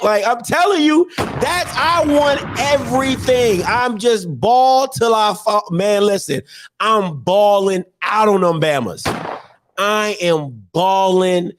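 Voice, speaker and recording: A man hosting an online call-in show, talking in an animated, preachy and joking way full of slang. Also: very high voice, a little slow. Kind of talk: energetic call-in show monologue.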